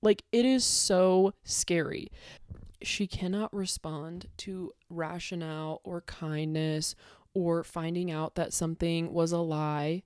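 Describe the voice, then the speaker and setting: Angry swearing woman, low dry voice. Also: fairly even intonation, slow pace, a little mellow, clean tone, no room sound. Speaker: content creator. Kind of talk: ranting monologue to camera.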